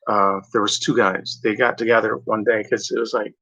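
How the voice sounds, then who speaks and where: A man with a bright, forceful voice rambles through casual chat, circling back and correcting himself mid-thought. His sentences lean on "like" and "you know". The recording sounds dull and lo-fi. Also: lowish voice, fairly even intonation, a little fast. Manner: meandering, full of "like" and "you know", self-correcting. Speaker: vlogger.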